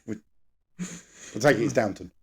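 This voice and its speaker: A man's voice: lowish voice, unhurried, slightly rough. Rambling man, casual podcast chat. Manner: rambling, jokey, tries silly accents. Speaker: podcast co-host.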